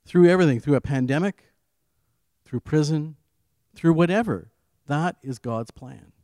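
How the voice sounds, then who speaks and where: A man giving an earnest devotional sermon, telling his own story and swinging between firm emphasis and quiet asides. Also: on the high side, unhurried, no echo. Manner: earnest, rising on key phrases and dropping to quiet asides. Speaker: preacher. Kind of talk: devotional sermon with personal testimony.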